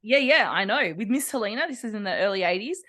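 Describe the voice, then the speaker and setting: A woman's voice: mid-range voice, lively intonation, quick pace, fairly bright tone. A woman in her forties co-hosting a podcast, friendly and chatty, laughing along. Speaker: podcast co-host. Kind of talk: casual podcast chat.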